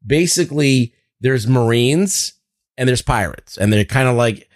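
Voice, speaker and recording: Male podcast co-host, mid-pitched, loose and profane, dry recording. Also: lively intonation, a little slow, dry recording. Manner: rambling, profane, lots of fillers. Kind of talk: casual review chat.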